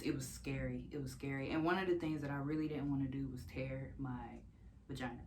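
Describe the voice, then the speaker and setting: Candid, low-voiced young woman telling a story. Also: slight background noise. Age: young adult. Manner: candid, animated, swears freely, laughs often. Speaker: vlogger telling her birth story. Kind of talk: casual storytelling vlog.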